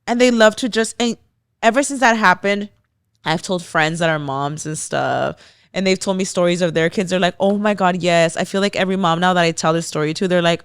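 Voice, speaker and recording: A young woman co-hosting a podcast, telling a story in a casual, animated way, full of "like" and quoted voices. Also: medium pitch, clear, resonant tone, no room sound, clean studio sound. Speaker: podcast co-host. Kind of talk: casual chat.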